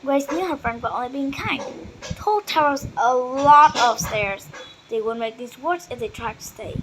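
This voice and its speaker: A woman's voice: a little high, noisy background. Woman reading a children's book aloud. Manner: steady reading with small slips and restarts. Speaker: reader.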